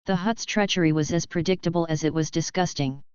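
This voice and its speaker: A woman narrating fan fiction as a storybook reading, in an even, measured way. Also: fairly low pitch, smooth, no echo. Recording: slightly dull, dry sound.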